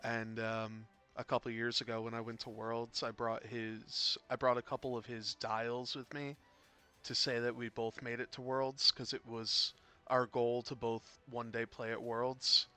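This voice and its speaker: Man, game caster, bright clear voice, rambling chatty delivery with loud bursts, faint music underneath. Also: medium pitch, flat delivery, unhurried. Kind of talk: casual game commentary.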